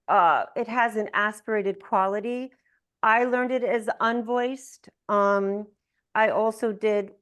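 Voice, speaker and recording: A woman on a video call teaching Sanskrit pronunciation, showing each consonant sound slowly and deliberately. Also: mid-range voice.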